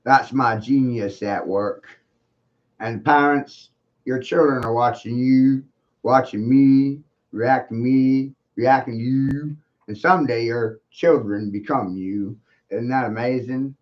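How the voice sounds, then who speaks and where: A man lecturing an unseen livestream audience in a mocking, sing-song way, circling back to the same phrases and firing off rhetorical questions. His voice sits in a middle pitch, and the stream audio is muffled and lo-fi. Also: unhurried. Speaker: livestream host. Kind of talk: taunting livestream monologue.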